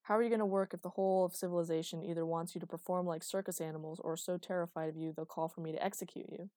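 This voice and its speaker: A man's voice: on the high side, steady tone, fast, a little mellow, dry recording, close to an everyday voice. A woman reading the lines of an agitated male official in an audiobook, in a dry recording. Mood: exasperated. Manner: agitated, exasperated. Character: tense, irritated male government official.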